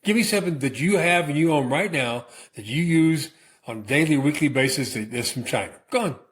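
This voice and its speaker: A man's voice: on the high side, animated, fairly quick, fairly bright tone. A middle-aged American man co-hosting a radio podcast, bantering bluntly and repeating words as he jokes. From United States. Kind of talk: casual banter.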